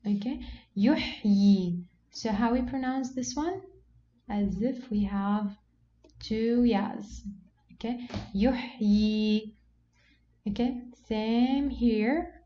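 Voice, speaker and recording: A woman teaching a Quran reading lesson, patient and explanatory, who often says okay and slows down to model words. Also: on the high side, dark tone. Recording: dull lo-fi sound with faint background noise.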